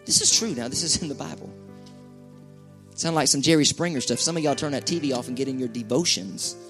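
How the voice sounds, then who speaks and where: A man's voice: mid-range voice, fairly quick, a bit bright, faint music behind. A male pastor preaching a sermon to his church in a folksy, conversational way with colloquial asides.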